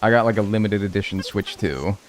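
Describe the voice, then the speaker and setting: Speaking a little fast in a fairly low voice, this man plays games live and chats casually with his audience. He jokes, swears without holding back, and thanks his subscribers.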